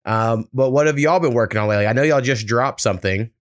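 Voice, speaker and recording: A man's voice: medium pitch, quick pace, dry recording, studio quality. A man hosting a podcast in a loose, laid-back way, swearing often. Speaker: podcast host. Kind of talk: casual podcast chat.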